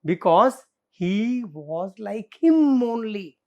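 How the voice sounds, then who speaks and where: A woman's voice: mid-range voice, animated, slow, pauses often, darkish tone. A woman teacher with an Indian English accent explaining a play line by line in a literature lesson. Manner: explanatory, reads scenes aloud and comments.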